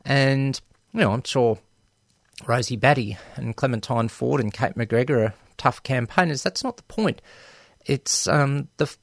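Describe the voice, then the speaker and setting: A man's voice: mid-range voice, gravelly, no room sound, studio quality. Give me a frank man talking on radio. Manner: frank and emphatic, with frequent ums and restarts. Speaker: radio host. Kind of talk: opinion commentary on community radio.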